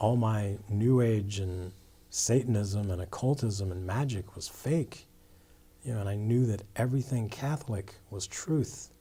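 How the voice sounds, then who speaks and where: Husky-voiced man telling his story. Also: on the low side, measured pace, warm tone. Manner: earnest, with frequent restarts and "you know". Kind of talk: storytelling testimony interview.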